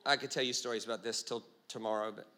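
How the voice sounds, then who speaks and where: A man preaching a comedic sermon, telling stories as an animated storyteller with quick jokes and asides. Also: on the low side.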